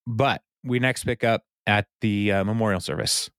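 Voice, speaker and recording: A man's voice: fairly low pitch, fairly even intonation, normal speed, fairly bright tone, no room sound, studio quality. A man co-hosting a podcast, recapping a TV episode in casual chat and laughing between lines as he tells the story. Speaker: podcast co-host.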